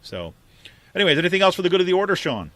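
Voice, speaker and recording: A man's voice: sits high, sing-song, racing, sharp tone, no echo. Rambling man hosting a podcast. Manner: rambling, many fillers and asides. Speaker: podcast co-host. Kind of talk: casual political podcast chat.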